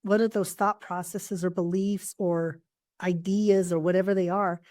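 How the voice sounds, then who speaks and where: A woman's voice: lowish voice, steady tone, moderate pace, dry recording. A woman coach and therapist telling heartfelt stories in an earnest, conversational way on a podcast. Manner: earnest storytelling, warm anecdotes. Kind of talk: casual podcast chat.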